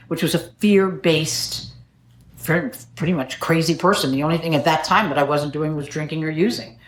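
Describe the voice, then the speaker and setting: Wry low-voiced woman in echoey room. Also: moderate pace. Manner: wry, self-mocking storytelling with jokes. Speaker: AA speaker. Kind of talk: personal recovery talk at a meeting. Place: meeting room.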